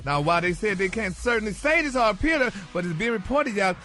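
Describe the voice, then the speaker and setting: A man's voice: high-pitched, sing-song, fast, bright, forceful tone, faint music behind. A man reading celebrity gossip on morning radio, dropping "y'all" and "honey" into every phrase.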